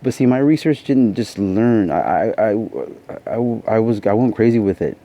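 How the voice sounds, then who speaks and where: Exhausted from too little sleep, this vlogger drifts through a personal tale at normal speed, peppering it with "you know." His voice is on the low side, dark in tone, and animated. The sound is dull and lo-fi, with faint noise.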